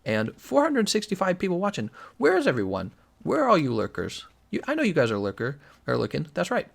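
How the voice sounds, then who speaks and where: A man's voice: high voice, fast talker, gravelly. A young man live streaming a game, chatting casually and jokingly reading out his chat. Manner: joking, reads chat aloud, animated.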